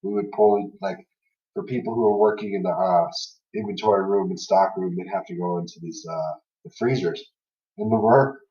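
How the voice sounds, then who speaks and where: A man with a fairly low voice tells funny stories from an old job in a loose podcast chat. He laughs between lines and leans on fillers. He is heard from a distance in an echoey room, and the recording sounds dull and lo-fi. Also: moderate pace, warm tone. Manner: laughs while telling stories, many "you know" and "everything else" fillers. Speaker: podcast host. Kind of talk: casual storytelling chat.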